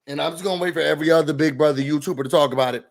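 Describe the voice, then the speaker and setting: A man hosting a casual reality show recap, sassy and animated, mocking the people he talks about. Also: fairly high pitch, rapid-fire, gravelly.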